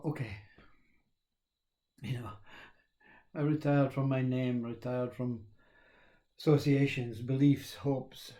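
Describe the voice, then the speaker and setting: A man, talking in a rambling, reflective monologue, laughing often and halting with fillers. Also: mid-range voice, warm tone. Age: 60s.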